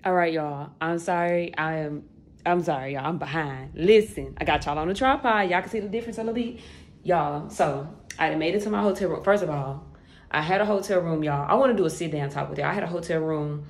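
A woman's voice: sits low, fairly quick. A woman in her late twenties chatting casually and straight to her viewers, with loose folksy slang. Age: late 20s. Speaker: vlogger.

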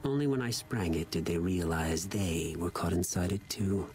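An actor playing a cruel Legion officer who lectures in a measured, contemptuous way, in a video game. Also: male voice, deep voice, darkish tone, slight background noise, close to an everyday voice. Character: cold cruel Legion officer, stern older man.

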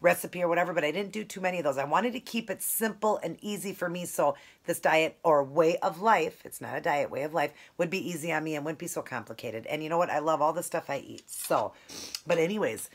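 A woman's voice: sits low, brisk. A woman chatting casually in a food vlog, talking in a rambling, affectionate way while eating. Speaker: keto food vlogger.

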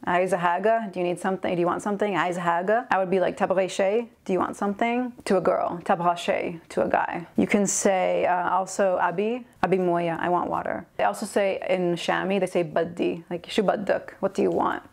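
A woman talks briskly through a casual vocabulary lesson, her voice low and gravelly. She flips between two languages as she explains slang phrases. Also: steady tone. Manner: switches between English and Arabic, explaining slang. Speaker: language teacher.

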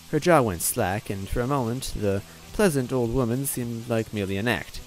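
A man's voice: mid-range voice, moderate pace, hardly any pauses, soft background music. Wry man reading a story aloud. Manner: wry, self-interrupting comic asides. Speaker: reader, narrator. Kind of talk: first-person storybook narration with asides.

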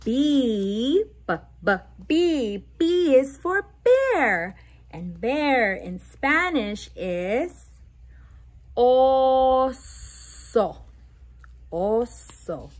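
A woman reading a bilingual picture book aloud to toddlers, stressing each letter sound and adding playful animal noises. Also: high voice. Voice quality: slow, sound-by-sound letter emphasis. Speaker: children's book reader.

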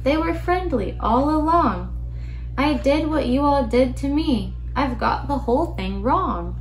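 A woman voicing Kylie, a shy and lonely young female slime unicorn, in a soft, earnest, slightly raised voice while reading a picture book aloud. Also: sits high, animated, unhurried, echoey room, voice pushed up, rough recording.

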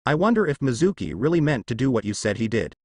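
A man voicing a calm, unsure male teacher in a story read aloud. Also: mid-range voice, quick pace, dry recording, clean studio sound. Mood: puzzled. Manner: unsure, mild.

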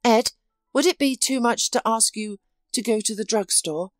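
A woman's voice: a little high, normal speed, no room sound, studio quality, soft background music, voice pushed up, lightly acted. A woman reading the lines of a weary, betrayed young wife in a storybook narration, speaking weakly and sadly. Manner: weak, sad, resigned.

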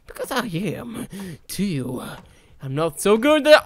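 Young Swedish-accented let's player, excitable and shouty, with lively swings in pitch. Dry sound. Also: takes it slowly, no echo. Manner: giggly, shouty, talks to game characters. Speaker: let's play gamer. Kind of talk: excited gameplay commentary.

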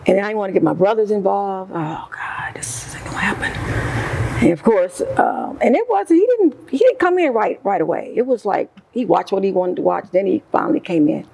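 A middle-aged woman, a guest in an interview, recounting her past in an emotional, animated way and acting out what people said. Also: medium pitch, a little fast, creaky, few pauses, slight background noise, rough recording. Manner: emotional, animated retelling with quoted voices. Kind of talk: personal story in an interview.

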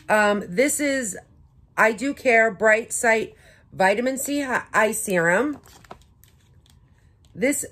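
A young woman beauty vlogger unboxing makeup in a casual vlog, gushing with excitement and gasping over each item. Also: medium pitch. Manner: gushing, breathless excitement with frequent gasps.

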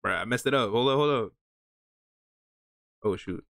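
A young man giving slangy, animated reaction commentary into his camera, swinging from mock outrage to high squeals. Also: moderate pace, vocal fry, no room sound, clean studio sound. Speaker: meme video creator.

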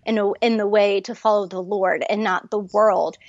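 Woman, 30s or 40s, chatty earnest guest, mid pitch, dull dry recording. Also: normal speed, no room sound. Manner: animated and earnest. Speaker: guest sharing testimony. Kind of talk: casual testimony chat.

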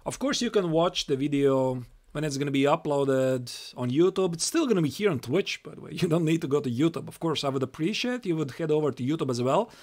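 A man's voice: fairly high pitch, animated, a little fast, darkish tone. A young Latvian man with a Latvian accent giving a chatty live-stream chess lesson, reading moves aloud and repeating himself.

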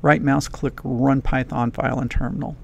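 A man's voice: medium pitch, little pitch movement, moderate pace, creaky, slight background noise. A man teaching a coding lesson in a casual, folksy, enthusiastic way, talking straight to his viewers. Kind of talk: casual screen-recorded lesson.

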